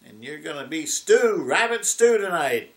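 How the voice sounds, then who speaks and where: A man's voice: on the high side, big pitch swings, measured pace, fairly bright tone, pitched above the performer's own voice, exaggerated voice. A man voicing a sly, scheming male fox from a folk tale, taunting his catch. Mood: gloating. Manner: gloating, taunting. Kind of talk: folk tale retelling in a sermon.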